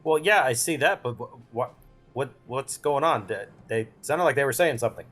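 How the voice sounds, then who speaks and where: A man's voice: mid-range voice, expressive, a bit bright. A man in a tabletop game stumbles over his words as he asks what is going on. He sounds casual and uncertain, with faint music in the background. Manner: questioning, halting restarts. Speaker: player.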